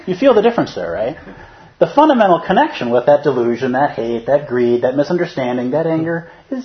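Man, Zen teacher, chatty dharma talk, mid-pitch, dull muffled recording. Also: sing-song, fairly quick. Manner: conversational, humorous, checks in with listeners.

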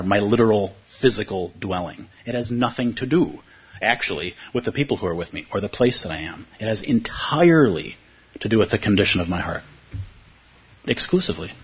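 A man's voice: fairly low pitch, husky, dull audio. A man teaching meditation in a conversational dharma talk to a room of listeners, repeating key phrases and asking rhetorical questions. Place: room with a live audience.

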